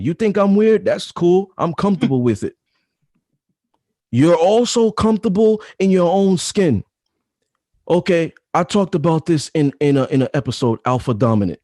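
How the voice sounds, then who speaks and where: A man's voice: on the high side, expressive, moderate pace, warm tone, dry recording, studio quality. A man in his thirties, a podcast guest talking casually, with emphatic, repetitive advice-giving. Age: 30s. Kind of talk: casual chat.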